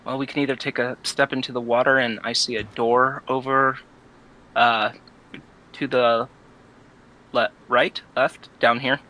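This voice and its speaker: A man at the gaming table who talks haltingly and carefully, filling gaps with ums and uhs. His voice is bright and forceful at a middling pitch. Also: little pitch movement, low-quality recording. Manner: halting, careful, many fillers. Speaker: player. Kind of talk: casual tabletop play.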